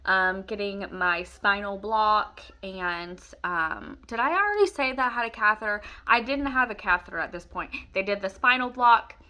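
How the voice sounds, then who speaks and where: A woman's voice: mid-range voice, lively intonation, moderate pace, hardly any pauses, pushed and bright. A young woman casually telling her own story to the camera, emotional and rambling, with many fillers and restarts.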